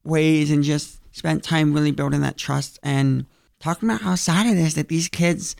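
A young man, a stage actor, chatting in an interview and telling animated stories full of fillers. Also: on the high side, normal speed, gravelly, no echo, studio quality. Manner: animated storytelling with many fillers. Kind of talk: casual interview.

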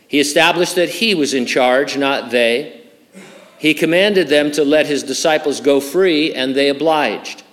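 A pastor preaching a sermon, speaking in a measured way with deliberate emphasis. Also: male voice, fairly high pitch, a bit bright. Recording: reverberant hall.

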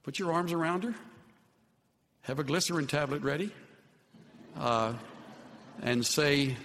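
A man preaching a sermon as pastor, earnest in tone and often dropping to soft, low words for emphasis. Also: unhurried, pauses often. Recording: long hall reverb.

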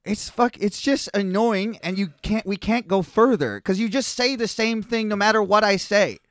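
A man's voice: sits high, normal speed, fairly bright tone, no room sound, studio quality. A man co-hosting a podcast, rambling through explanations in casual banter and getting testy when teased. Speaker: podcast co-host.

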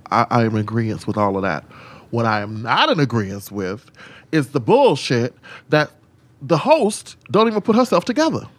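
A man who is a drag queen, talking frankly and sassily on a podcast and telling animated stories. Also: normal speed, no echo. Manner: animated storyteller, swings into high mimicking voices and whispers; sassy, frank, swears freely. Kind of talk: casual podcast chat.

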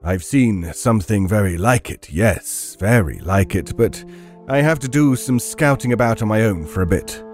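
A man voicing a stern, commanding investigator giving clipped orders in a lowered voice. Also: expressive, normal speed, darkish tone, soft background music, lightly acted.

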